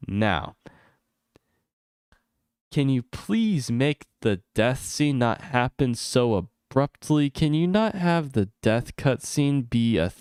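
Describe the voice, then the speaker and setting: A man on a stream venting in a loose, profane rant, his voice smooth and resonant in a dry, close sound with no room echo. His frustration builds until his pitch shoots up high, then settles back to a medium-toned grumble. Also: very animated, slow pace, a little mellow. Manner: exasperated, swearing rant that climbs high when heated. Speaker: gaming streamer. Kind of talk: unscripted ranting stream commentary.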